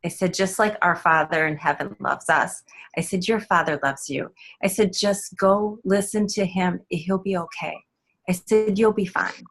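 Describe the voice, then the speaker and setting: Halting, low-voiced woman storyteller. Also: a bit bright. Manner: halting, with many ums and restarts. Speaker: guest author. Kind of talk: telling a personal story in an interview.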